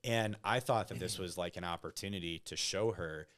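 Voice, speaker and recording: A man's voice: low voice, normal speed, fairly bright tone. A man, a podcast guest, telling personal stories in a casual conversational way, often tagging "like" and "right?" onto his sentences. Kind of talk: casual interview storytelling.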